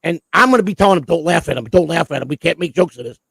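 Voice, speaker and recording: A man's voice: fairly high pitch, lively intonation, racing, gravelly, fairly bright tone, slightly rough, no echo, low-quality recording. A man co-hosting a casual talk stream, telling long stories in a rambling, profane way and stumbling over repeated words as he starts sentences. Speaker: co-host.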